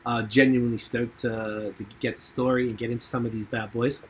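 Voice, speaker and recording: A man's voice: mid-range voice, level tone, fairly quick, breathy edge. A man hosting a podcast over a remote call, in loose casual chat full of fillers. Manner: loose and chatty, swears casually, many fillers. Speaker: podcast host. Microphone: remote call with a mute button.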